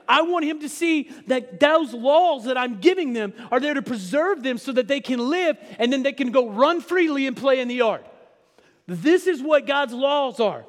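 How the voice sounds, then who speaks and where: A middle-aged man preaching a sermon in a conversational style, dropping to a hush and then building loud, with teasing asides to the congregation. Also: sits high. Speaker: pastor. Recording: long hall reverb.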